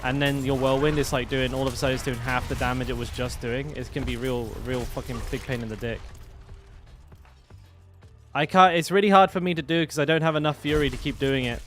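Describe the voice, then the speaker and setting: A man's voice: medium pitch, fairly even intonation, a little fast, music in the background. A young man chatting casually while streaming a game. He rambles, restarts his sentences and swears easily, with a faint game soundtrack behind him. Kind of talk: casual live-stream commentary.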